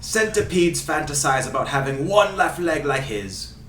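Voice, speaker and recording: A man's voice: a little high, lively intonation, normal speed, fairly bright tone, slight background noise. A man doing a fake Scottish accent as a flowery, over-the-top soccer commentator, with theatrical delivery. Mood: gushing. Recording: echoey room, mic at a distance.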